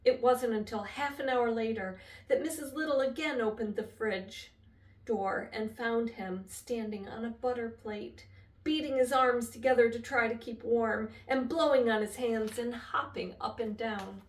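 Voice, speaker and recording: An older woman reading a children's chapter book aloud with expressive, lively storytelling. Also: a little high, measured pace. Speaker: storybook reader. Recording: echoey room, voice from a distance.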